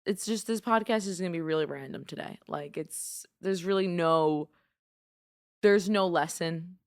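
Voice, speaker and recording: A woman's voice: on the low side, moderate pace. A young woman from New York with a New York accent, hosting a casual solo podcast and rambling in an opinionated way, full of "like". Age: young adult. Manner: rambling, lots of "like", animated and opinionated. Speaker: podcast host.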